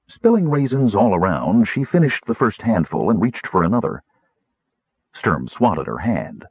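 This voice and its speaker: Low, husky male audiobook narrator. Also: measured pace, no echo. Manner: lively, expressive reading. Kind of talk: scripted narration. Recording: thin phone-like dry audio.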